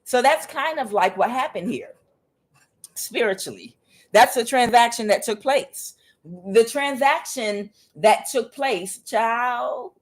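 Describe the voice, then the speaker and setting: A woman giving a casual tarot reading, talking in a chatty, profane way with many fillers and calling the listener honey and child. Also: on the high side. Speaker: tarot reader.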